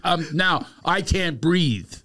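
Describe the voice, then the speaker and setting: A man hosting a podcast as a comedian, telling a story in an animated, laughing way. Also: a little high, takes it slowly. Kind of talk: casual storytelling chat.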